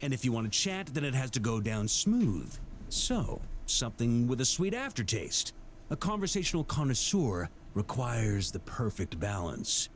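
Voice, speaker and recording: An actor playing a hearty middle-aged knight grandmaster in a game, talking in a measured, formal, storytelling way. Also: male voice, mid-range voice, very animated, a little hiss or hum, lightly acted. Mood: genial. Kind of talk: game voice acting.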